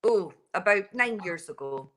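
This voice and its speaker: A woman's voice: mid-range voice, animated, a little slow, rough recording. A Scottish woman in her forties, chatting as a guest over a mobile phone and laughing easily. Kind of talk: casual call-in chat. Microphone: mobile phone over wireless.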